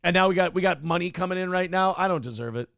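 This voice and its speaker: A man co-hosts a morning show in loose, profane banter. His gravelly voice sits a bit high and swings widely as he riffs. The sound is close and dry. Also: quick pace, no room sound. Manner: profane, joking, animated riffing. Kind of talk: casual comedic banter.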